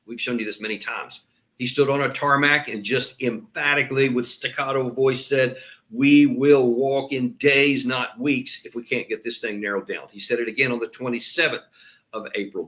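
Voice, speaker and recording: A man's voice: mid-range voice, pushed and bright. A man hosting political commentary, talking emphatically and often breaking off to restart his sentences. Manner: emphatic, repeats words when stressing a point. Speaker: host and commentator. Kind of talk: solo political commentary with played clips.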